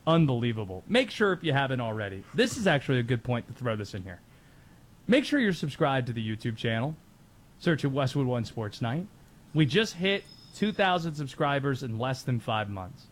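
A man hosting a sports talk show, chatty and excitable, laughing easily. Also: mid-range voice, normal speed. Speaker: sports radio host.

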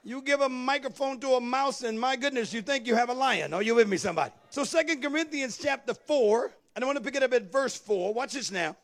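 A man preaching a sermon, calling out to the congregation for responses and building to shouts. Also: extremely high pitch, fairly quick, hardly any pauses. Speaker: pastor.

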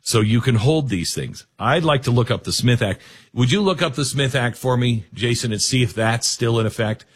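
A man hosting a call-in talk radio show, talking in a measured, deliberate way and then taking callers. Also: mid-range voice, breathy edge, no echo.

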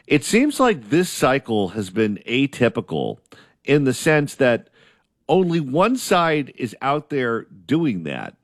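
Male host, measured and pointed, dry close sound. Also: medium pitch, no room sound. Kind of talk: political discussion.

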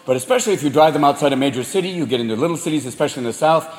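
A male stand-up comedian performing, animated, profane and loud. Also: fairly high pitch, very fast. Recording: echoey hall with loud crowd.

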